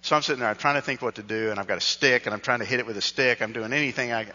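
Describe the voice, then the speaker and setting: A pastor with a bright, forceful voice tells a funny story from the pulpit, loose and conversational. His voice rings through a big hall with a long tail of reverb, and the sound is slightly dull. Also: medium pitch, rapid-fire. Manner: conversational storytelling, self-deprecating. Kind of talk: sermon with personal story.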